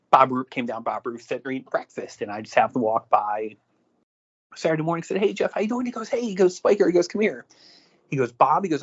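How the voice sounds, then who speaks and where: Man, podcast co-host, animated storytelling, husky voice, dull lo-fi audio. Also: mid-range voice. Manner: animated anecdotes, acts out quotes. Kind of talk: casual storytelling.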